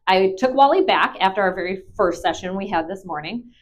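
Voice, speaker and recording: A woman's voice: medium pitch, expressive, fairly quick. A young woman, a dog trainer, chatting casually and bubbly with many fillers into a clip-on mic. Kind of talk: casual vlog chat.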